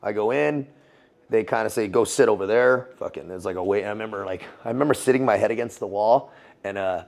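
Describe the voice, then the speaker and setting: A man's voice: fairly low pitch, fast talker, creaky, a little mellow. A man guest in a casual interview, telling a story in slangy, swear-filled talk with frequent laughs. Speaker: guest, former Navy SEAL and Foreign Legionnaire.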